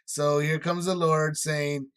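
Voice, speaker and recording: A man's voice: on the high side, flat delivery, takes it slowly, a bit bright, clean tone. A man leading a casual Bible study, explaining scripture in everyday words with lots of fillers.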